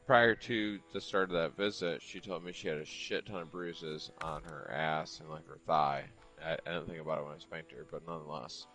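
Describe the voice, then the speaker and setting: A man with a very low voice telling a personal story while he plays, rambling and cursing as he goes. Faint music runs underneath. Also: steady tone, normal speed, few pauses, a bit bright, poor audio. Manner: rambling, profane, heavy use of "like". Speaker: streamer chatting while gaming. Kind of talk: casual chat storytelling.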